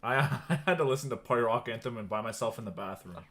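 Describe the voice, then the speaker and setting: A man's voice: mid-range voice, fast talker, a bit bright. A man co-hosting a podcast in casual chat, joking around, swearing and cutting in. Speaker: podcast co-host.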